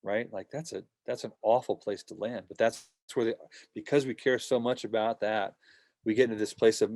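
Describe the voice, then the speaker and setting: A man's voice: on the low side, fairly even intonation, normal speed, a little mellow, dry recording. A man teaching a worship team workshop in a casual, conversational way, often acting out short voiced examples.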